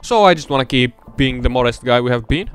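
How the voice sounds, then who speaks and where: A young man giving casual let's-play commentary, rambling between mumbled asides and loud excited outbursts. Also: medium pitch, quick pace, clear, resonant tone.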